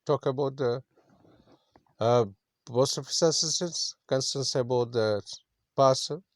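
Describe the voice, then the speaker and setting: A man's voice: mid-range voice, measured pace, dry recording. A man teaching an English story lesson, explaining words simply and repeating himself with many fillers. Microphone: screen recording.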